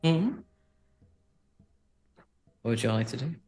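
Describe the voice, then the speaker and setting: A man narrating a tabletop game as game master, unhurried and thinking aloud with frequent fillers. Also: mid-range voice, a little mellow.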